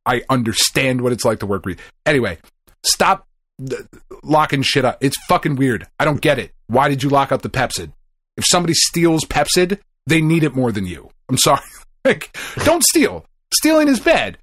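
A middle-aged man co-hosting a podcast, telling a story in a casual, animated way, swearing often and acting out the people he quotes. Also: mid-range voice, normal speed. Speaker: podcast co-host.

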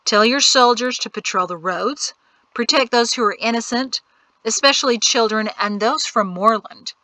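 A woman's voice: a little high, normal speed, pushed and bright, dry recording. A woman reading a stern, commanding colonel. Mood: firm. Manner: urgent commanding orders. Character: stern male village colonel.

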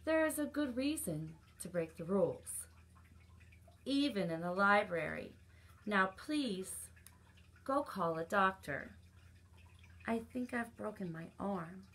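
A woman voicing a kind, calm older librarian in a children's storybook reading, speaking gently and patiently. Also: mid-range voice, takes it slowly, long pauses, slightly rough, heavily acted.

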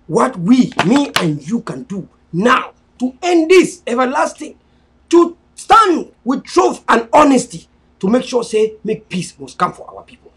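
A man with a Cameroonian Pidgin English accent giving an impassioned live-stream address, repetitive and preachy, swinging between loud pleas and low murmurs. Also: big pitch swings, measured pace, slightly rough.

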